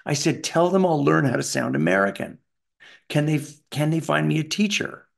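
A middle-aged Canadian man telling animated stories in an interview, acting out the people in them. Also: fairly high pitch, normal speed, gravelly. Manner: animated, does voices of people in his stories. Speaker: voice actor guest. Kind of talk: anecdotal interview storytelling.

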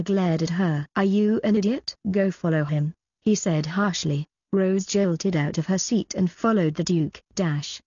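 A woman narrating an audiobook in a quick, even storytelling manner. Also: lowish voice, husky, no room sound, lo-fi sound. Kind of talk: scripted narration.

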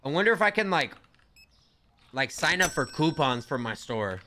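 A man's voice: a little high, big pitch swings, normal speed, pushed and bright, a little hiss or hum. A young man giving casual, slangy commentary while playing a store game, talking to himself and to the characters on screen. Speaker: gaming streamer.

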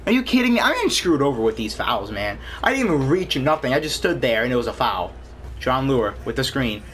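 A young man commentating his own basketball gameplay, excitable, complaining and yelling at the game. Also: mid-range voice, fairly quick, a little hiss or hum. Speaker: gaming YouTuber.

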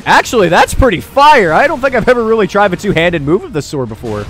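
A young man commentating his own boss fight in a video game, excitable and quick to yell and laugh. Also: high voice, faint music behind. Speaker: gaming YouTuber. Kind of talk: let's play commentary.

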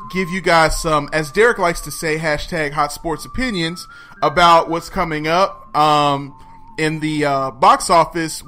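High bright laughing podcast host man. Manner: laughs often, loud and animated. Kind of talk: casual podcast banter.

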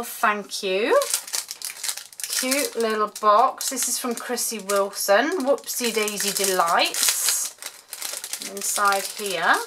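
A woman chatting excitedly as she unwraps and shows off handmade craft gifts in a casual home vlog. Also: medium pitch. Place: home room, road sweeper outside. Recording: faint street noise and paper crinkling.

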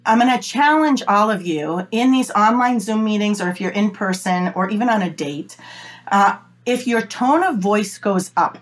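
A fast-talking woman, giving animated, emphatic advice as an interview guest. Her voice is a little whiny and squeaky, and it sits at a middling pitch for a woman. She talks over a video call from her home office. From Boston, USA. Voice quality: self-described whiny, squeaky voice. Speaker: guest, body language expert. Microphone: video call setup.

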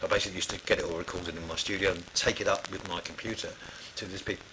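A man's voice: low-pitched, steady tone, fast talker, background noise. A middle-aged man telling studio stories in a rambling, casual way, full of fillers and restarts. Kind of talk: casual spoken anecdote.

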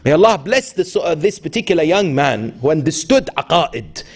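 A man with a slightly high, husky voice preaches a sermon in a mosque hall. His pitch swings widely as he tells stories and acts out the people in them. He keeps turning to the audience with rhetorical questions. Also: big pitch swings, moderate pace. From Iran. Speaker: sheikh.

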